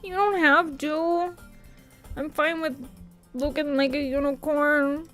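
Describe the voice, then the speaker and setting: A woman voicing a bubbly, clumsy, cheerful teenage girl in a visual novel, high and sing-song. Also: fairly even intonation, takes it slowly, fairly bright tone, faint music behind. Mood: whiny. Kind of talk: visual novel read-aloud.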